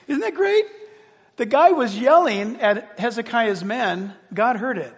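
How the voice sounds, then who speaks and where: High-voiced preacher in a reverberant hall. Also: male voice. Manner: reads verses slowly, breaks in with excited asides. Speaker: pastor. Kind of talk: sermon reading scripture with commentary.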